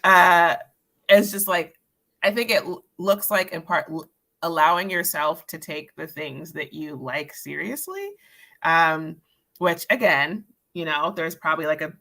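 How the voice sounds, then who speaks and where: A panel member in a casual chat, speaking haltingly with many ums and restarts. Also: medium pitch, bright, forceful tone. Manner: hesitant, many fillers and restarts.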